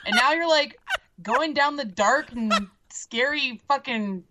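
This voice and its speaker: A woman co-hosting a podcast, casually telling an animated story, swearing and laughing as she goes. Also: high-pitched, takes it slowly, a little hiss or hum. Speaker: podcast co-host. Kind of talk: casual chat.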